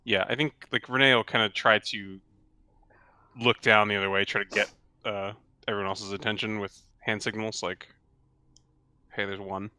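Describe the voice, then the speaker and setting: A man taking part in a tabletop game as a player, talking quietly and offhand. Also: fairly low pitch, steady tone, moderate pace, pauses often, smooth. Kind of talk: casual tabletop game chat.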